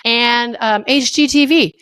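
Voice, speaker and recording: Middle-aged woman podcast host, animated and jokey, on the high side. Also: measured pace, smooth, no echo, clean studio sound. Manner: animated, playful, acts out voices and jokes. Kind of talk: casual solo podcast monologue.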